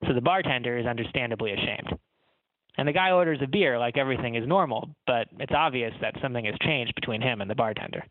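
A man, an author, chatting haltingly with many fillers, then reading his own story aloud in a casual storytelling way. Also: mid-range voice, no echo. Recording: tinny phone-like line.

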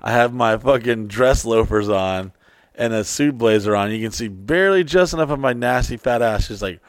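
A man's voice: medium pitch, normal speed, dry recording, clean studio sound. A man hosting a casual podcast, talking in a brash, boastful, profane way.

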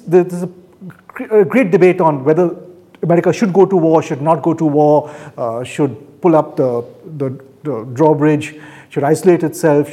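A man's voice: on the high side, mellow. A man from India on a podcast panel, thinking aloud with frequent fillers and hedges. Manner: thoughtful, hedging, many fillers. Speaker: panel guest. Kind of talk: casual panel discussion.

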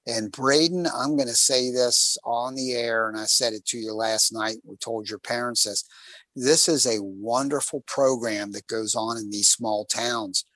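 Animated rambling storyteller man, dry sound. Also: mid-range voice, measured pace, no room sound. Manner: animated, rambling storyteller who acts out quotes. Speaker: radio show host on a cycling trip. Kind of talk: casual storytelling chat on air.

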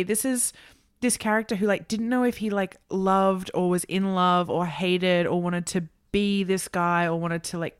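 Chatty woman with a smooth voice. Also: fairly low pitch, no echo, clean studio sound. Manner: chatty, frequent "like" and "um", swears casually. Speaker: podcast co-host. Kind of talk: casual chat.

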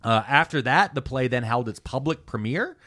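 A man co-hosting a podcast, walking the others through his notes in a casual, animated way with many "uh"s and "like"s. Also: mid-range voice, normal speed. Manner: animated storytelling with many fillers. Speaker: podcast co-host presenting the topic.

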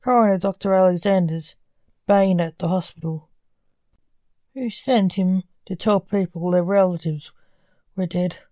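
A woman's voice: lowish voice, fairly even intonation, unhurried, long pauses, mellow, no echo, lightly acted. A woman voicing a breezy, gossipy orderly.

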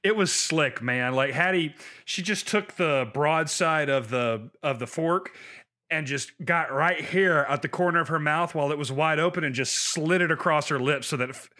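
A man's voice: on the high side, moderate pace, sharp tone. A man in his thirties, a podcast co-host, telling stories in casual chat and laughing often. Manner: storytelling, laughs often, acts out voices.

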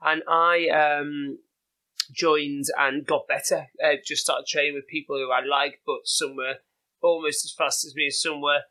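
A man's voice: fairly high pitch, little pitch movement, a little slow, sharp tone, poor audio. A British man in his forties, a guest telling stories in a casual interview, rambling with lots of fillers and laughing at his own anecdotes. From Britain. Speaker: guest runner.

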